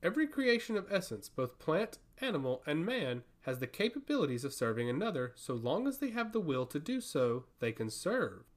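Male reader doing a menacing fantasy priestess: calm, cold, commanding. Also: on the high side. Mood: stern. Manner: cold, measured, sternly threatening. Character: haughty woman, a forest priestess, calm and menacing. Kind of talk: audiobook fantasy reading.

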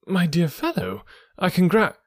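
A man's voice: high-pitched, sing-song, unhurried, no echo, clean studio sound, voice pushed up, exaggerated voice. A man reading the part of an earnest, loyal male doctor in an audiobook, raising his voice in an anxious, protesting way. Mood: startled.

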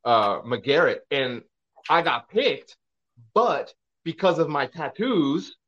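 A man hosting a casual chat, relaxed and chatty, swearing casually. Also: on the high side, slow pace, highs cut off.

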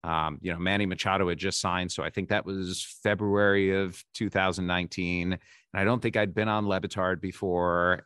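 A man's voice: on the low side, fairly bright tone, no room sound, studio quality. A man in his forties, a podcast guest, telling candid, self-deprecating stories and often restarting his sentences. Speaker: podcast guest, baseball insider. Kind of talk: casual interview storytelling.

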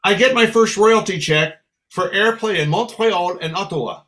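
Male guest musician, lively raconteur, slightly raised pitch. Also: moderate pace. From San Francisco. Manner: lively storyteller, acts out voices. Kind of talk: casual interview anecdotes.

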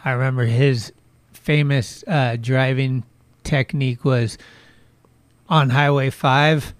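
A man's voice: mid-range voice, steady tone, takes it slowly, no room sound. A man hosting a casual interview, swearing easily and chiming in with his own memories.

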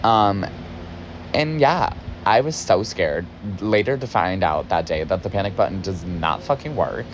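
Young man, casual storytelling, agitated, swears a lot, lowish voice, faint hum behind. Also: animated, unhurried. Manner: agitated, profane, emphatic. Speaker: podcast host, former barista.

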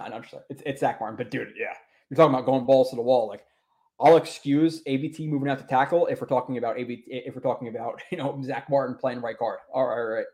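A man's voice: medium pitch, darkish tone. Young man, podcast host, casual sports chat, profane, rambling, mid-range voice. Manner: loose, profane, rambling with restarts.

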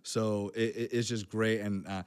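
A man co-hosting a podcast in casual chat, talking fast and loose with lots of slang and fillers. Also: on the low side, flat delivery, darkish tone, clear, resonant tone. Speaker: podcast co-host.

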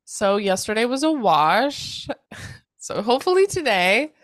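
A woman co-hosting a podcast, chatting casually and telling an animated story with plenty of swearing. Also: a little high, a little slow, no echo, clean studio sound. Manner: acts out others' lines in quoted voices. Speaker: podcast co-host. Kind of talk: casual chat.

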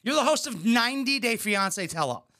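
Sarcastic, foul-mouthed man with bright voice. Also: extremely high pitch, animated, a little fast. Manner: crude, sarcastic, mocking asides. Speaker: reaction video host. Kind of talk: profane reaction commentary.

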